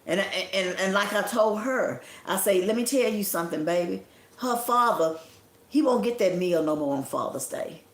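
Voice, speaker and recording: A woman's voice: medium pitch, moderate pace. A grieving woman delivers a passionate, preaching livestream monologue. Her voice carries a noticeable echo from the room around her. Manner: impassioned, preaching and scolding. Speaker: livestream host. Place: indoor room at home.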